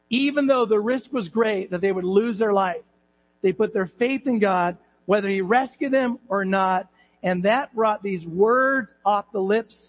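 A male pastor preaching a sermon in church, animated and emphatic, with rhetorical questions to the congregation. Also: sits high, big-room sound, lo-fi sound, slight background noise. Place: church hall.

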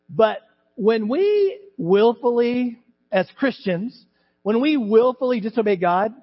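A middle-aged man preaches from the pulpit in a high voice that leaps up and down with animation. He acts out the voices in the scripture story as he goes. The recording is dull and muffled, with long reverb from the church sanctuary. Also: husky. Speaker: pastor. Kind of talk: sermon.

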